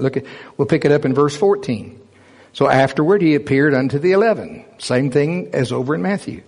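A man's voice: on the high side, a little mellow. A man preaching a Bible teaching sermon, emphatic, reading scripture aloud and putting rhetorical questions to his listeners. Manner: reads scripture aloud in King James wording.

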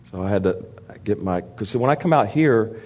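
A man preaching to a church, telling animated stories and laughing often between lines. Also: lowish voice, normal speed. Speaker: guest preacher. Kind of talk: storytelling sermon.

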